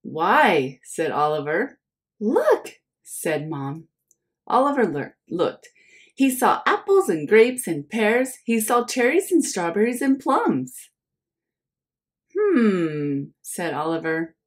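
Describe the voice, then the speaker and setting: A woman's voice: medium pitch, big pitch swings, measured pace. A young woman teacher reading a picture book aloud to children, speaking to them in a friendly way as her friends. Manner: friendly, addresses listeners as friends.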